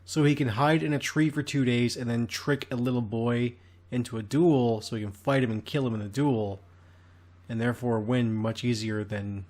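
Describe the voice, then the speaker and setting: A man co-hosting a casual podcast, chiming in with quick, enthusiastic reactions. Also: medium pitch, steady tone, darkish tone. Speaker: podcast co-host.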